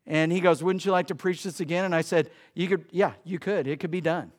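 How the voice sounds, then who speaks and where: A man preaching a sermon in church, swinging between loud emphasis and quiet asides. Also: high-pitched, fairly even intonation, a little fast. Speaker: pastor. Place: church sanctuary.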